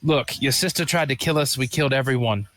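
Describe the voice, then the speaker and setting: A man's voice: mid-range voice, a little fast, fairly bright tone, no echo. A man playing a tabletop game in character, talking bluntly in a rambling, colloquial way. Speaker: player. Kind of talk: in-character tabletop role-play.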